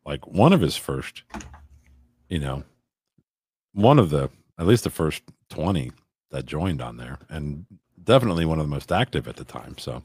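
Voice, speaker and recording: A man's voice: extremely low pitch, very animated, moderate pace, pauses often, darkish tone, breathy edge, no room sound, studio quality. A man in a casual podcast chat, telling rambling stories with crude jokes. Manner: rambling, crude joking storyteller.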